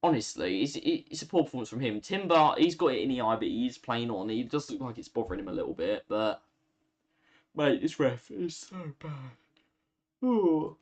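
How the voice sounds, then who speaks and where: His medium-pitched voice swings widely in pitch and carries a darkish tone as he speaks at a moderate pace. The tired young man yawns through live football commentary on his stream, reacting to the game and chatting with viewers.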